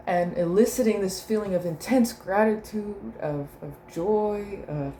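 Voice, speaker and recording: A woman's voice: lowish voice, steady tone, a little fast, few pauses, mellow. A young woman and mother talking through a reflective spoken diary, meandering and searching for words, often breaking into laughter. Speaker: mother keeping a video diary. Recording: roomy echo with faint room noise.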